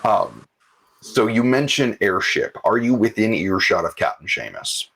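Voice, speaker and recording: Gravelly low-voiced male game master. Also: sing-song, a little slow, fairly bright tone, low-quality recording. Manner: good-natured, steering the story along. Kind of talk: narrating a tabletop game.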